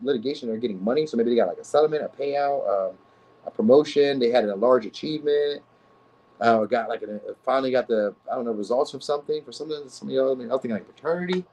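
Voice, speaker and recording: A man reads tarot cards for his viewers in a loose, slangy ramble. He talks quickly, restarts his sentences and fills the gaps with fillers. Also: medium pitch, darkish tone, poor audio. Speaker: tarot reader. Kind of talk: casual tarot reading to viewers.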